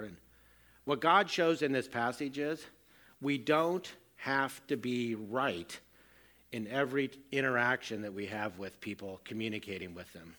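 Bright-voiced man preaching a sermon. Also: mid-range voice, a little slow. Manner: earnest, self-deprecating storytelling. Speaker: pastor.

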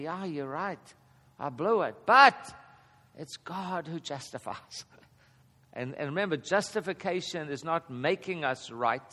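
A man in his fifties teaching a Bible passage in a relaxed, conversational way, chuckling often and getting animated at key points. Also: medium pitch. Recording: long hall reverb.

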